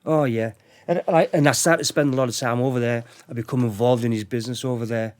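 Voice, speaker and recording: A middle-aged man with a mid-range, somewhat dark voice speaks quickly in a steady tone. He's a podcast guest telling crime stories casually, rambling, repeating words, and acting out the dialogue he quotes.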